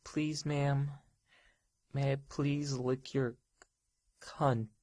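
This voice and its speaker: A woman's voice: a bass voice, fairly even intonation, extremely slow, mellow, no echo. A young woman in a solo audio role-play, speaking in a hesitant, stammering, pleading way and often dropping to a whisper.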